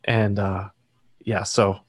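A man in his thirties talks in a loose, rambling way, full of fillers and asides. His voice sits low, and the sound is dry and close. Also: level tone, slow pace, no echo. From Massachusetts. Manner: rambling, filler-heavy, self-deprecating. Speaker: guest artist. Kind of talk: casual interview chat.

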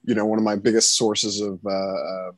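A man's voice: on the low side, flat delivery, moderate pace, no echo. A man hosting a podcast, chatting casually and hesitantly, with many fillers. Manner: friendly, hesitant, filler-heavy. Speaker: podcast host. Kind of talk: casual interview chat.

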